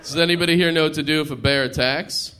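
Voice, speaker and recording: A man's voice: on the high side, fairly even intonation, fast talker, bright, forceful tone. A male stand-up comedian riffing with the audience, chatty and laughing as he goes. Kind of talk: stand-up with crowd work. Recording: live stage recording with clear noise.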